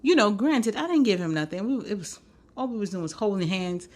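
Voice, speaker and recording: A young woman hosting a podcast, telling a story in a sassy, animated way with lots of slang and laughter. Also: medium pitch, fairly quick. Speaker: podcast host. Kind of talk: casual storytelling.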